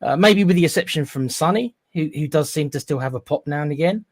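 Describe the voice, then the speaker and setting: A man's voice: on the high side, fast talker, dry recording. A man with a slightly raised voice chats about football in an emphatic way, restarting his sentences often. His voice is recorded dry and close, with no room sound. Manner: chatty, emphatic, many restarts. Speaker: regular pundit. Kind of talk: casual football podcast chat.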